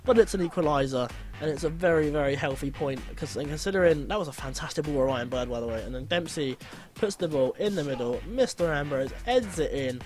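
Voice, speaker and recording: A young man giving lively, blunt gameplay commentary, grumbling and swearing at his team. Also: fairly high pitch, a little fast, music in the background.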